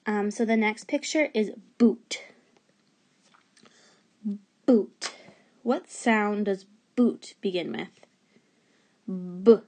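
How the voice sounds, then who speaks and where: A woman's voice: on the high side, darkish tone. A woman teacher giving a remote phonics lesson to young children, patiently sounding out letters and words.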